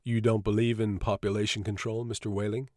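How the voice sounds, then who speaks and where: A man's voice: on the low side, flat delivery, darkish tone, no room sound, studio quality, lightly acted. A man voicing an older male doctor who lectures in a composed, persuasive way. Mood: lecturing. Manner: lecturing, brisk and emphatic.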